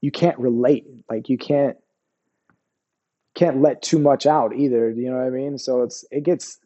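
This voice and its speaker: A man's voice: mid-range voice, steady tone, a little slow, mellow, muffled recording. A man in his forties, an Army veteran guest, telling his war stories in a rambling, profane way. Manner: profane, rambling, keeps asking "you know what I mean". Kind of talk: candid interview storytelling.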